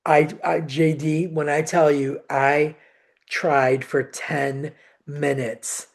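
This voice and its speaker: A woman co-hosting a podcast, telling a personal story in an animated, emotional way and acting out the dialogue. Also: low voice, slow. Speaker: podcast co-host. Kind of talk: casual chat, personal storytelling.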